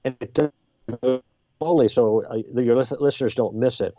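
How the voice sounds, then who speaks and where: A man guest on a podcast, explaining ideas in a lively conversational way and acting out exchanges. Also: medium pitch, normal speed, dry recording, highs cut off. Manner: lively, role-plays exchanges with emphasis. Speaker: guest author.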